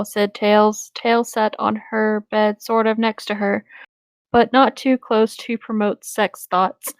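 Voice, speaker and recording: A woman's voice: medium pitch, level tone, slow pace, clear, resonant tone, dry recording. A woman narrating a silly fan story aloud in an amused, wry manner. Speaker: reader. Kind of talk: comic read-aloud.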